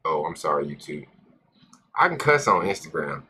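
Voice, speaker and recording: A man's voice: a bass voice, sing-song, moderate pace, sharp tone, husky. A man hosting a casual live stream, rambling, joking with his viewers and cursing freely. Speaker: cannabis live-stream host.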